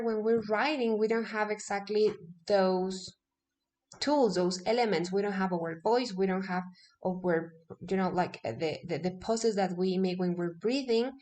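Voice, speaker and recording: Lively woman teacher checking in often. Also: mid-range voice. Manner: lively, stresses key words, many "okay?" checks. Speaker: English teacher. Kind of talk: casual classroom lesson.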